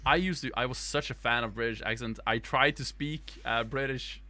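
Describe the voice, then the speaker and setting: A man's voice: mid-range voice, fairly even intonation, normal speed, sharp tone. A man with a Swedish accent chatting casually as a podcast co-host, rambling with lots of fillers and restarts.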